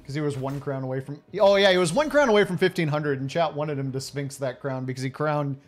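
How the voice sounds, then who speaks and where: A man's voice: a little high, fast talker, soft background music. A man in his late thirties streaming a game, chatting and teasing his viewers with frequent laughs. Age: late 30s. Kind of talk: casual game commentary talking to chat.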